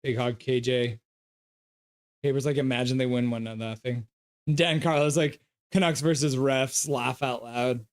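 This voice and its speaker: A man's voice: medium pitch, fairly even intonation, unhurried. A man hosting a live stream. He reads viewer comments aloud, gives loose play-by-play, and coos at his dog. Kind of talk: casual live game reaction and chat reading.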